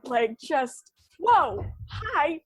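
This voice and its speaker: A woman's voice: high-pitched, big pitch swings, very slow. A woman actor guesting on a podcast, chatting playfully and giggling, often quoting scenes in little voices. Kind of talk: casual chat.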